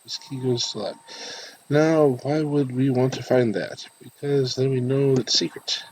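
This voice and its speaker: A man's voice: medium pitch, fairly even intonation, unhurried, a little mellow, a little hiss or hum, poor audio. A man playing a story game, reading every character's lines himself between his own comments. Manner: voices all the game characters himself, shifting between them. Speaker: game streamer. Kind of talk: reading game dialogue aloud while playing.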